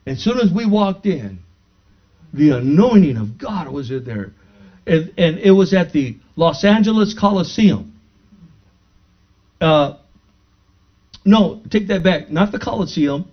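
A pastor with a high, animated voice delivers a sermon testimony unhurriedly, with long pauses. He tells his congregation a personal story, acting out the dialogue, then rises into fervent praise. The recording is dull and lo-fi.

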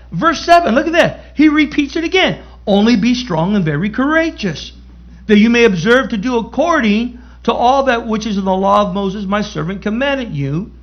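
A man's voice: high-pitched, lo-fi sound. A man preaching a sermon as pastor, emphatic, repeating key phrases and calling out to the congregation.

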